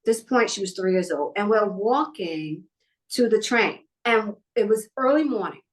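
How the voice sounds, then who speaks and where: Animated and acting out everyone in her tales, a middle-aged New York woman tells personal stories as a guest in a casual interview. She's a talent manager, speaking in a mid-range voice at a moderate pace.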